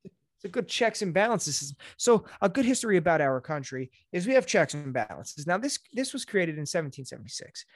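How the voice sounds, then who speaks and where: Joking, halting podcast co-host. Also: mid-range voice, very animated, no echo, studio quality. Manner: joking, halting with many fillers. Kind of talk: casual chat.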